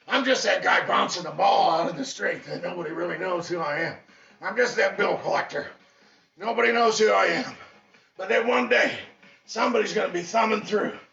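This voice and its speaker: A man giving an impassioned motivational pep talk as a fitness instructor, preachy and repetitive, bursting into shouts. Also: sits high, vocal fry. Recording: echoey, distant, dull mic with faint music.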